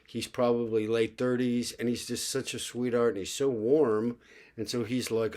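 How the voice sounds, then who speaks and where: A man's voice: mid-range voice, level tone, normal speed, a little mellow. An older man talking in a casual, rambling vlog monologue, full of fillers and asides. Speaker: vlogger.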